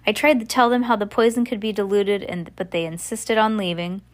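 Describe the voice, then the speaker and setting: A woman's voice: mid-range voice, steady tone, brisk, lightly acted. A woman voicing a weak pregnant woman stranded on a raft, sounding strained and distressed, in a read-aloud novel.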